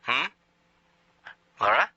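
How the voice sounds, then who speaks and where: A man's voice: bright, forceful tone, no echo, heavily acted. An actor playing a lazy, aimless young man who mumbles and halts in a cartoon, heard as muffled lo-fi TV audio. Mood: mumbling. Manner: mumbling, halting, drawn out.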